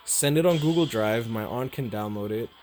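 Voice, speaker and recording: A young man talking casually to his viewers, rambling and repeating himself, swearing freely, halting and emotional. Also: mid-range voice, darkish tone, soft background music. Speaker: streamer.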